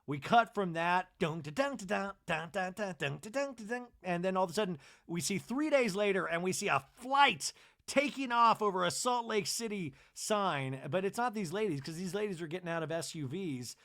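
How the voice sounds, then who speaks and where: A man's voice: high-pitched, expressive, moderate pace, a bit bright. A man from New Jersey hosting a comedy podcast, recapping a TV episode in a rambling, sarcastic way full of asides. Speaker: podcast host.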